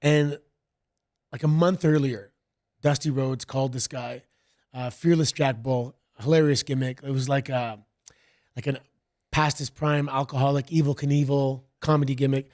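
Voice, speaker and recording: A middle-aged man from Canada, a guest chatting casually and telling rambling stories in a relaxed way. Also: medium pitch, moderate pace. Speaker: guest, wrestler. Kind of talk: casual interview chat.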